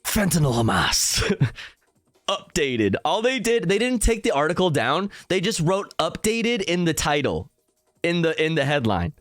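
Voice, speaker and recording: Streamer, young man, high voice, unhurried delivery, dry close mic, faint music bed; incredulous and laughing. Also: big pitch swings, a bit bright, dry recording. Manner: laughing, incredulous, swearing, reading out headlines and comments. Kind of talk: live stream commentary.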